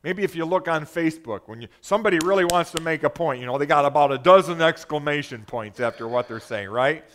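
A man's voice: a little high, quick pace. A man preaching a sermon, reading scripture emphatically and calling to the audience for responses. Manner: emphatic, rises to loud exclamations when reading scripture.

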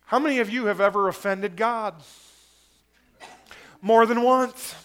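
High-voiced man preaching a sermon. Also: fairly even intonation, a little slow, fairly bright tone, clean tone. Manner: conversational, asks the audience questions. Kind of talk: sermon reading scripture with commentary.

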